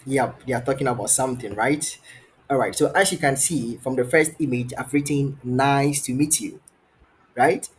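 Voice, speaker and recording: An encouraging male English tutor on a video call, drawing out a student with steady questions and repeated phrases. His voice has a husky, breathy edge at a middle pitch. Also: normal speed. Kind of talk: online trial lesson.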